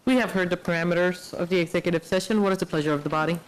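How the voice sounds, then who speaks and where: A woman runs a city council session in a brisk, procedural manner. Her voice sits a little low. The room audio carries clear background noise. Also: rough recording. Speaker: council chair. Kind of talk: chairing a meeting.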